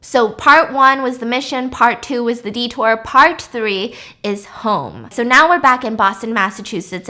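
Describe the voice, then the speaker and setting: A woman's voice: on the high side, fairly bright tone. A woman casually recapping a film plot in a chatty way, with lots of fillers. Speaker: YouTuber.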